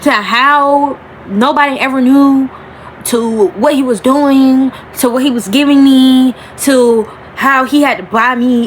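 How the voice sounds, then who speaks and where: A woman's voice: sits high, a little hiss or hum, rough recording. A young woman, telling a personal story to camera in a rambling, emotional way and calling her viewers y'all, stretching out the key words. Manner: emotional, rambling, addresses viewers as y'all, slows and rises on emphasis. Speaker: vlogger. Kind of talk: storytime vlog talking to camera.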